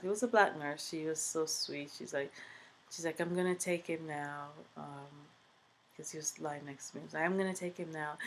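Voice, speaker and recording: A woman telling a personal story in a chatty, animated vlog, full of asides. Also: sits low. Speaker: vlogger.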